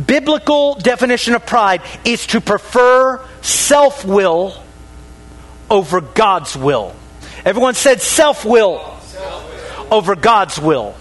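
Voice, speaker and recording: A man preaching a sermon to a congregation, pausing dramatically, dropping his voice on key words and calling for responses. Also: a bit bright. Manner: dramatic pauses, drops voice low on key words.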